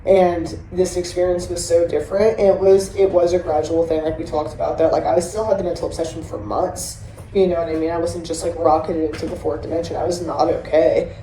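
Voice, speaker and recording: A woman hosts a candid recovery podcast, telling her stories in a blunt, animated way and swearing often. Her voice sits a little low. The room is echoey, with a faint hiss underneath. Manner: blunt, profane and animated storytelling. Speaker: podcast host. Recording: roomy echo with faint hiss.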